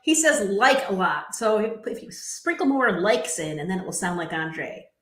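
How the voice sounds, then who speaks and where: A woman's voice: medium pitch, sing-song, moderate pace, a bit bright. A woman co-hosting a podcast, recapping events in a giggly, chatty storytelling manner. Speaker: podcast co-host. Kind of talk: casual recap chat. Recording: echoey room.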